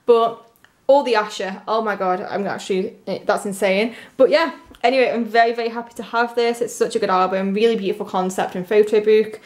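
A woman's voice: medium pitch, steady tone, fairly quick. A young woman chatting casually as she unboxes an album, gushing and full of "like" fillers, squealing when she gets a lucky pull.

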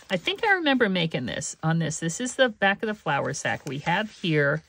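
A woman hosting a crafting channel, chatting casually and meandering through a journal flip-through with soft laughs and many fillers. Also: sits low, gravelly, a little hiss or hum.

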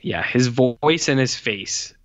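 A man's voice: medium pitch, expressive, takes it slowly, highs cut off. A man co-hosting a casual film review podcast, blunt and scornful, swearing often. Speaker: podcast co-host.

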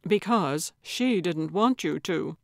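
A woman's voice: on the low side, animated, takes it slowly, creaky, darkish tone, no echo, clean studio sound, heavily acted. A woman voicing an earnest, principled man. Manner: earnest and pleading.

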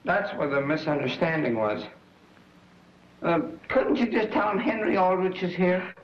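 A polite, hesitant teenage boy speaks in a high voice. The sound is a roomy, muffled 1940s film soundtrack. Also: animated, moderate pace. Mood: flustered. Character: eager, awkward teenage boy. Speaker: film lead.

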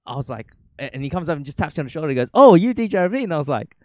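A man's voice: mid-range voice, very fast, no echo. A young man who DJs and streams, chatting casually between mixes, telling a rambling story with lots of swearing. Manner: excitable, profane, rambling storyteller. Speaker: DJ and live streamer. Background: faint dance music.

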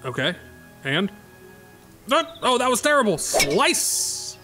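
A man giving excitable, sarcastic commentary while playing a golf video game, swinging between high yelps and low mutters. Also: slow, over music. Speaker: gaming YouTuber. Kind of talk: gameplay commentary.

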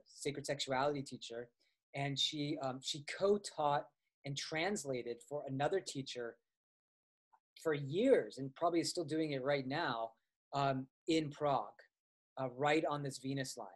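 A man's voice: a little high, unhurried. A man teaching astrology in a casual, conversational way, with frequent fillers and restarts as he tells personal stories. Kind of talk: casual explanatory lecture.

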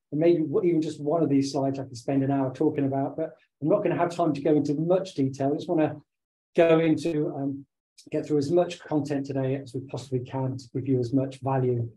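Man in his fifties, slightly hoarse, very dark mellow tone, somewhat high voice, online presentation, computer mic. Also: steady tone, brisk, poor audio. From United Kingdom. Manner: conversational, with many filler sounds and restarts. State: slightly hoarse from talking all day. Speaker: webinar presenter and business owner. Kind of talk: online presentation over slides.

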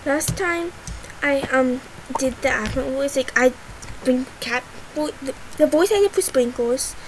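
Chatty woman gamer in her bedroom, high and slow-paced, giggly. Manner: giggly, rambling, with sudden excited squeals. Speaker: gaming channel host. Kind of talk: casual gameplay commentary. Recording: noisy, fireworks popping behind. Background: fireworks.

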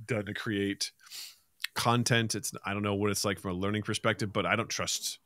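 A man co-hosting a podcast, chatting casually and telling animated stories, swearing freely. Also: lowish voice, normal speed, no room sound. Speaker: podcast co-host. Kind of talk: casual chat.

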